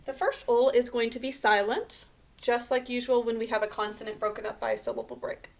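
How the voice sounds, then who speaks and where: A woman's voice: a little high, fairly quick. A woman teacher giving a recorded spelling lesson, patiently sounding out each syllable and letter sound.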